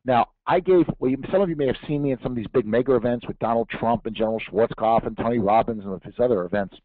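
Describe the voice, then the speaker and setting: A man's voice: mid-range voice, fast, no echo. A man giving a tax seminar to an audience, emphatic, with rhetorical questions and jokes. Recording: tinny narrow-band dry recording.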